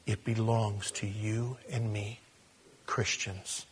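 A man preaching a sermon, telling a story with animated, emotional delivery and ending in prayer. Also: lowish voice, slow pace, a little hiss or hum. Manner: animated storytelling, whispers and laughs, prayerful close. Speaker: pastor.

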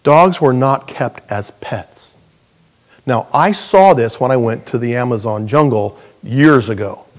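A middle-aged man preaching a sermon as pastor, animated and jokey, with sudden loud high bursts. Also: unhurried.

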